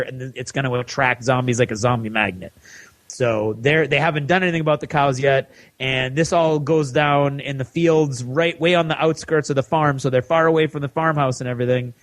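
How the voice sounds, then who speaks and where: A man co-hosting a podcast who gives an animated recap of a TV episode and acts out the characters' lines. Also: medium pitch, no echo. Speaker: podcast co-host.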